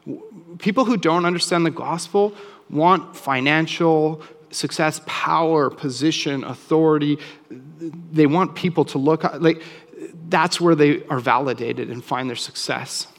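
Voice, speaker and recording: A man preaching a sermon in a relaxed, conversational way, often acting out quoted voices. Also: a little high, measured pace, in a large hall. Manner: casual, animated, acts out quoted voices. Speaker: pastor.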